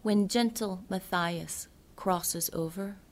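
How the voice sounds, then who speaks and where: A woman reading her poems aloud in a slow, hushed delivery that often sinks into a whisper. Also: medium pitch, a little hiss or hum. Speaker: poet. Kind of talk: poetry reading.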